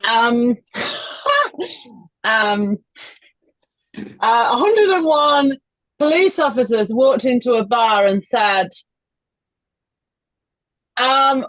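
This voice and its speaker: A woman comedian tells improv jokes slowly and giggles at her own punchlines. Her voice sits a little high. The sound is dry and close. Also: lively intonation, fairly bright tone, no room sound.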